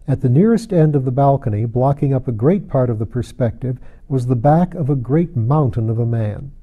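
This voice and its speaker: A man reading a classic novel aloud in a measured, even audiobook narration. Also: medium pitch, narrow, tinny audio. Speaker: audiobook reader.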